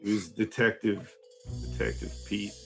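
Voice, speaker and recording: A man's voice: on the low side, very animated, moderate pace, music in the background. A young man telling a wild story in casual chat, swearing, laughing and acting out what people said. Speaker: podcast host telling a story.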